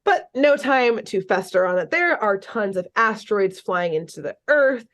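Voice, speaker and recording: A young adult woman co-hosting a podcast, casually recapping a cartoon episode in an animated, chatty way and swearing freely. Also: mid-range voice, moderate pace. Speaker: podcast co-host.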